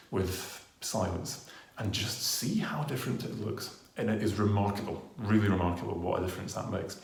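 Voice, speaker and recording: Man, lowish gravelly voice, earnest training talk, lots of ers and ums, lapel mic. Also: a little mellow. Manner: varies pace and volume to demonstrate. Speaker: presenter and trainer. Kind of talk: instructional talk to camera. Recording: roomy echo.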